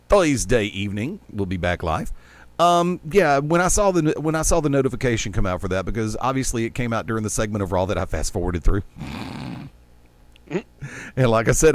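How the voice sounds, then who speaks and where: A man hosting a casual sports talk radio show on a headset mic, rambling and opinionated with jokes along the way. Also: medium pitch.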